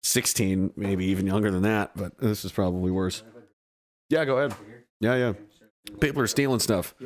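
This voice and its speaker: A man in his thirties hosting a casual livestream, reading chat and ranting in a sarcastic, mocking way. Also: on the low side. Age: 30s.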